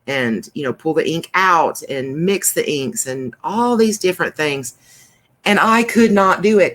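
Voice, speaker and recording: A woman hosting a craft channel, chatting through a coloring demonstration in a rambling way with many fillers. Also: sits low.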